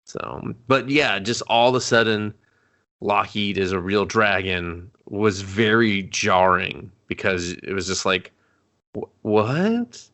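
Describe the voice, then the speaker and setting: A man from Canada riffs through a movie recap in casual review chat. His voice is low with a gravelly fry, and he talks sarcastically, swearing freely and tossing in mock character lines. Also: fairly even intonation, bright, forceful tone. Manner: sarcastic, swearing, acts out characters in quick asides. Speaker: podcast co-host.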